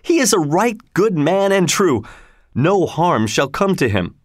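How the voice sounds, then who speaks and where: Man doing a bold outlaw leader, hearty, raised high, lively lilt. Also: measured pace, dry recording, studio quality.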